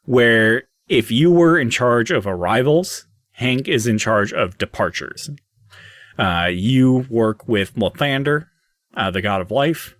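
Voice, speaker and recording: A man's voice: mid-range voice, animated, slow, a bit bright, no echo, studio quality. A man narrating as game master in a loose, hesitant way with many fillers.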